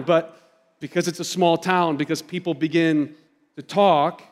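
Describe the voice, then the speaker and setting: A man's voice: a little high, fairly even intonation, a little slow, in a large hall. A man in his thirties, a pastor giving a sermon, telling stories in a conversational way and speaking directly to the congregation. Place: church sanctuary.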